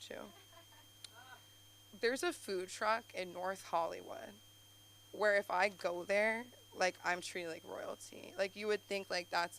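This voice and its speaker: Bright, rambling woman comic on a club stage. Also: medium pitch, a little hiss or hum. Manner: rambling, breathless storytelling full of "like" fillers. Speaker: stand-up comic. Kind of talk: open-mic stand-up comedy. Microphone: handheld stage microphone.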